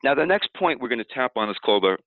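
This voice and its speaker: Man, tapping instructor, calm explanatory walkthrough, lively pitch, tinny dry phone-like sound. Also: very fast, dry recording. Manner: calm, explanatory, acts out upset self-talk while tapping. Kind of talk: demonstration walkthrough.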